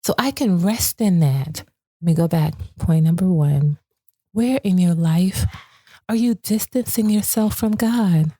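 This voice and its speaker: A woman's voice: fairly low pitch, measured pace, warm tone, no room sound. A woman hosting a devotional podcast, speaking earnestly and repeating phrases for emphasis. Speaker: podcast host.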